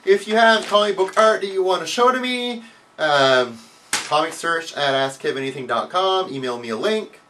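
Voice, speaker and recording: A man hosting his own vlog, answering viewer questions in a casual, heavily profane rant that bursts into loud, mocking outcries. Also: animated, normal speed, distant mic, a little hiss or hum. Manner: swears a lot, mocks with loud high outbursts.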